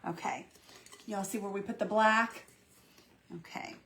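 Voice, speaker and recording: A woman's voice: medium pitch, steady tone, measured pace, fairly bright tone. A woman hosting a live painting demo, chatting in a folksy, encouraging way with her viewers. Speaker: craft tutorial host.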